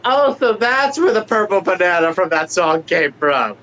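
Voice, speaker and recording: A man's voice: high voice, very animated, moderate pace, bright, forceful tone, a little hiss or hum. A man playing in a tabletop game, chatty and careful to double-check details. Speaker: player.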